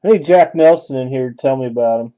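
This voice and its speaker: A warm-toned man at a medium pitch talks quickly through a card break, giving relaxed running commentary as he opens packs and thinks out loud. The sound quality is dull.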